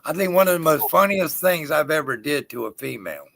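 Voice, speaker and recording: A man's voice: a little high, expressive, a little fast, gravelly, fairly bright tone. A man in a casual chat, telling a crude, profane story in a rowdy way. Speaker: guest storyteller.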